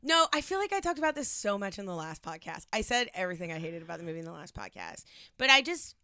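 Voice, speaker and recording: A young woman co-hosting a podcast in casual chat, animated and quick with jokes. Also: on the low side, heavy background noise. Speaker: podcast co-host.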